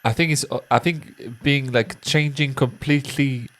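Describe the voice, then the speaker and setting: A man's voice: mid-range voice, fairly even intonation, normal speed. A man co-hosting a casual film podcast, hesitant and searching for words, with nonstandard English grammar. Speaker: podcast co-host.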